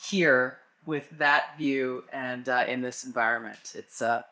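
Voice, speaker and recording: A woman speaking as an interview guest, earnest and thoughtful, laughing along and pausing to find her words. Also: extremely low pitch, steady tone, sharp tone, roomy sound. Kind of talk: casual interview.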